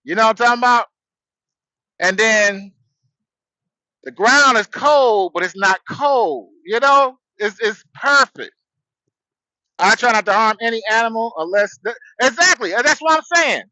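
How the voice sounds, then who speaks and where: A man's voice: very high-pitched, expressive, a little slow, pauses often, sharp tone, no echo, poor audio. A man hosting a casual livestream from his truck on a headset, rambling in a laid-back way and greeting viewers. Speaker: livestream host. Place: outdoors, in a truck.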